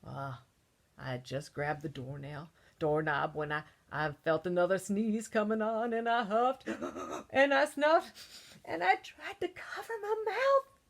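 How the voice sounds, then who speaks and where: A woman's voice: deep voice, steady tone, a little slow, pitched below the performer's own voice. A woman voicing a male wolf who tells his own side of a children's story, conspiratorial and cheeky. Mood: sly. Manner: conspiratorial storytelling, with gasps and sneezes.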